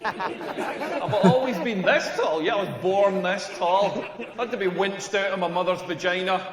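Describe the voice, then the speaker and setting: An actor playing a cocky stand-up comedian with a Scottish accent, delivering a sardonic, punchy set. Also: male voice, sits high, unhurried, noisy background. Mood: deadpan jokes. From Scotland. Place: comedy club stage. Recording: echoey hall with long reverb.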